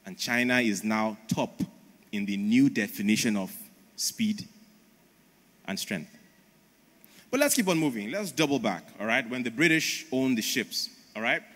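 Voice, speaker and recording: A man's voice: mid-range voice, measured pace, pauses often, a bit bright. A man preaching a conference sermon in an emphatic, storytelling manner, in a large church auditorium. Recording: long reverb of a large hall.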